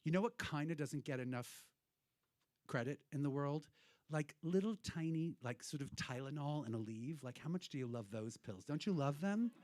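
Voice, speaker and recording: A man's voice: a little high, expressive, normal speed, darkish tone, no room sound. A man hosting a cabaret show, talking to the audience in rambling, irreverent stage banter, swearing freely. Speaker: cabaret host and performer. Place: hotel cabaret room.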